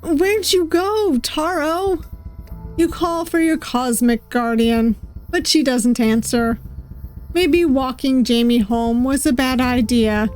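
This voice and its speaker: A woman's voice: on the high side, takes it slowly, a little mellow. A woman streaming a visual novel playthrough, reading its text aloud with playful voices and laughter.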